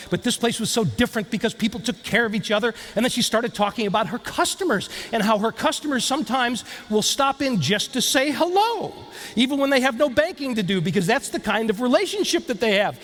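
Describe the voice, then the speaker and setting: A high-voiced man delivers a lively keynote speech. He tells stories with a playful touch and keeps turning to the audience. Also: a little fast. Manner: storytelling, playful, engages the audience directly. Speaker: keynote speaker.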